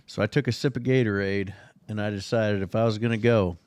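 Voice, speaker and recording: Dude co-hosting a podcast, laid back, dry sound. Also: male voice, on the low side, steady tone, fairly quick, a little mellow, smooth, no room sound. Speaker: podcast co-host. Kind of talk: casual chat.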